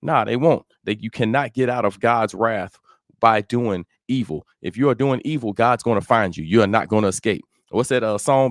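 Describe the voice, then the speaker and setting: In a church with a dry, clean studio-quality sound, a Bible teacher with a lowish voice moves briskly through a psalm verse by verse. His manner is conversational, and he keeps asking, "you know what I'm saying?"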